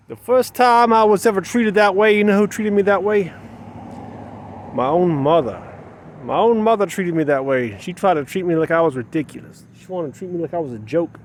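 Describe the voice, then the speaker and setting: A man with a high-pitched voice speaks a little fast to his camera outdoors, with slight background noise. In this personal vlog monologue he rambles emotionally, repeating himself as he questions his own feelings.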